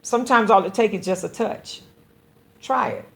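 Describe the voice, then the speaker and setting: A woman's voice: mid-range voice, normal speed, vocal fry. Earnest woman pastor hosting a show. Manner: earnest, exhorting, addresses listeners directly with repeated phrases; stammers on repeated words while building a point. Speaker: pastor and radio show host. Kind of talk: preaching-style call-in show talk.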